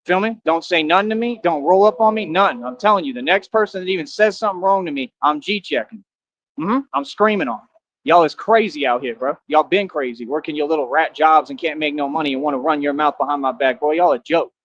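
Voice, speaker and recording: A man's voice: on the high side, brisk, fairly bright tone, highs cut off. A man on a livestream, boasting and trash-talking his viewers in a brash, confrontational, slangy way.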